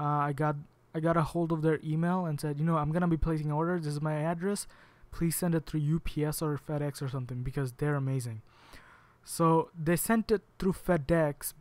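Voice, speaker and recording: A man's voice: a little high, dry recording. A man ranting angrily at home, swearing often and sounding exasperated. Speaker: vlogger. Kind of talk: angry rant to camera.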